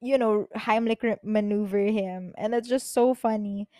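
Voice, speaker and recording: A young woman talks through her day in a quick, jumbled, excitable ramble, dropping casual swears. Her voice sits in a middle pitch. It is recorded dry and close in her bedroom. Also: dry recording. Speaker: podcast host. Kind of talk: casual personal storytelling.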